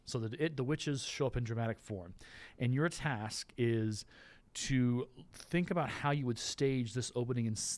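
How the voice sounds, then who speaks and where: A man explains stagecraft to his class in a loose, animated teacherly ramble. His voice sits at an average pitch, and he trips over words now and then and slips into playful voices. He sounds like he is talking in a classroom.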